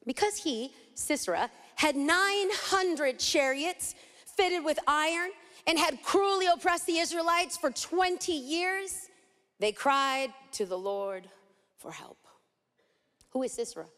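A woman Bible teacher from East Los Angeles preaching a sermon, dramatic and animated, acting out scenes as she teaches. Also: high voice, measured pace. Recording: hall reverb.

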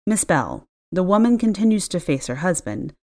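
Stern older housekeeper, clipped and tight, lowish voice, read by a woman. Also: big pitch swings, normal speed, warm tone.

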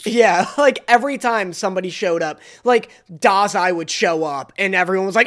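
A man's voice: high-pitched, normal speed, few pauses, a bit bright. Man, podcast co-host, casual chat, wry, mock-outraged humor.

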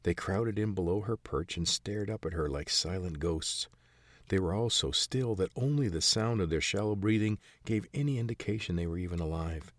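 Deep-voiced male audiobook narrator. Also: dry recording, studio quality. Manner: measured, even storytelling. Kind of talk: scripted fantasy narration.

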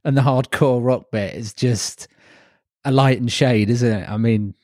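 Guy cohosting a chatty podcast, mid pitch, dry close sound, laughs a lot. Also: steady tone, measured pace, a little mellow, no echo. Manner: chatty, laughs often, reflective asides. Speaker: podcast co-host. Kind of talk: casual chat.

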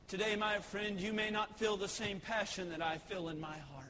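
High-voiced impassioned preacher man. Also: moderate pace, hardly any pauses, crowd noise, background noise. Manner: impassioned preaching, swells to shouts. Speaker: pastor. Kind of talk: sermon. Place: church sanctuary. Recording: echoey church hall.

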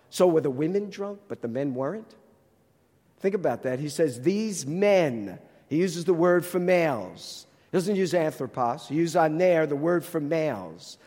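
High-voiced preacher with a Jersey accent. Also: male voice, lively intonation, normal speed, darkish tone, big-room sound. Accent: New Jersey. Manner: explanatory, with rhetorical questions. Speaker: Bible teacher. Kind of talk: sermon.

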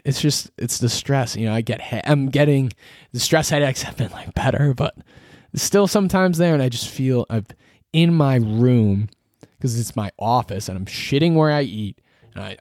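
A man's voice: medium pitch, no room sound, clean studio sound. A young man in his twenties, hosting a solo podcast from his bedroom office, rambling casually, swearing and mocking himself. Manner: rambling, self-mocking, swears a lot, restarts often. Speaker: podcast host.

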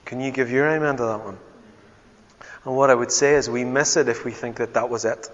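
Pastor preaching in a reverberant hall. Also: male voice, mid-range voice, fairly even intonation, a little fast. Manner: swings from loud exclamations to near-whispered tenderness. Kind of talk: sermon. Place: church hall. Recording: dull sound with long church reverb.

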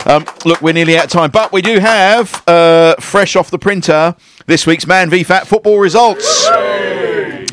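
A man hosting a relaxed sofa chat show, his delivery jokey. He reads lists out with relish and keeps the talk moving. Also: sits high, moderate pace, hardly any pauses, a crowd in the background. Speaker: host.

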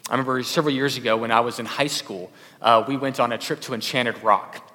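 A man's voice: medium pitch, fast, sharp tone. Man preaching in a reverberant hall. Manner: conversational, many fillers and restarts. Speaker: pastor. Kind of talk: sermon.

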